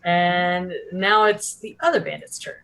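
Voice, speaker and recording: A game master runs a tabletop session over voice chat, narrating each turn in a loose, rambling way. The voice sits at an ordinary middle pitch. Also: fairly even intonation, unhurried, gravelly, bright, forceful tone, a little hiss or hum, low-quality recording. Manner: rambling, many fillers like "like".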